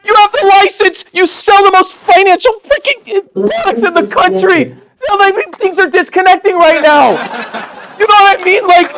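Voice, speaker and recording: A man with a Texan accent, a company chairman giving a fired-up motivational speech on stage, intense, blunt and profane, often shouting. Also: very high voice, moderate pace, creaky.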